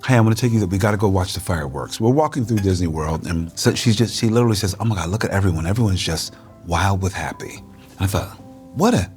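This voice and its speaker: A middle-aged man with a very low voice tells stories as a guest in a casual interview over a meal. He acts out the people he quotes, and faint music plays behind him. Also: fast talker, a little mellow.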